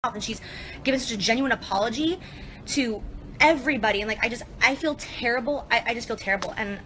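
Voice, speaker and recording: Bright, rambling apologetic woman. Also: fairly high pitch, fast talker, a little hiss or hum, rough recording. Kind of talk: apology video.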